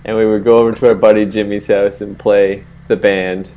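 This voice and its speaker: A man's voice: on the low side, flat delivery, a little fast, warm tone. A young man co-hosting a podcast, telling stories animatedly and swearing freely. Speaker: podcast co-host. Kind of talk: casual chat.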